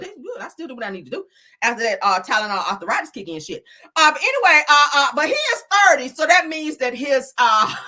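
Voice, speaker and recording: Woman, forties, higher voice, swooping pitch, casual gossip host, profane, laughs a lot, calls viewers girl and child. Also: sharp tone. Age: 40s. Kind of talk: casual celebrity gossip commentary.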